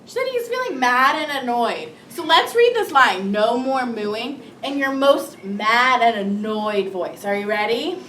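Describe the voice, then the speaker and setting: A woman teaching first grade, reading a big book aloud to her class in an expressive, sing-song voice. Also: fairly high pitch, unhurried, few pauses. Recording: echoey classroom, mic far off, children around.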